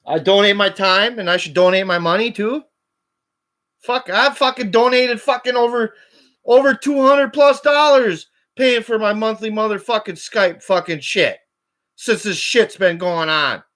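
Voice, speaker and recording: A man on a call-in show, ranting angrily and swearing constantly, his voice climbing toward shouts. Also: sits high, measured pace. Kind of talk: angry profane rant.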